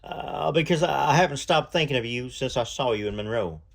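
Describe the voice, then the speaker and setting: A man's voice: medium pitch, animated, a little fast, creaky. A man doing a shy, stammering young singer with a Southern twang. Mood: earnest. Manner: stammering, hesitant, soft-spoken. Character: shy young male singer, gentle and earnest.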